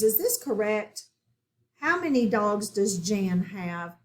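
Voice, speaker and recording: A woman teacher giving an online phonics lesson to children, saying each word slowly and clearly. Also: medium pitch, lively intonation, a bit bright, a little hiss or hum. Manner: slow, clear, over-articulated word repetition.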